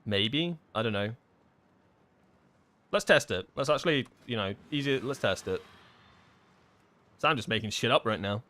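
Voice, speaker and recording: A man's voice: mid-range voice, expressive, normal speed, long pauses, bright, forceful tone. A man live-streaming a game, chatting casually and thinking aloud, full of fillers and restarts as he answers chat questions.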